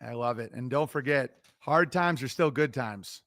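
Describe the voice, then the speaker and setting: A middle-aged man talking loosely on a livestream, giving relationship advice in an animated, profane, self-interrupting ramble. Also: mid-range voice, moderate pace, no echo. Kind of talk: casual rambling monologue.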